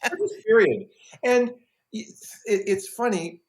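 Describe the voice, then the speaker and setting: A middle-aged man, a composer, telling stories in a casual interview, self-deprecating and halting, with many restarts. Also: sits high, animated. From Canada. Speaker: film and TV composer, guest.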